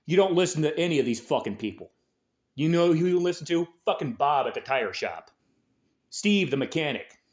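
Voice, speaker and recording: A man's voice: a little high, animated, moderate pace. A man hosting a show, delivering an angry, aggressive political rant full of swearing. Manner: angry, aggressive, heavy swearing, shouted peaks. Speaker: host.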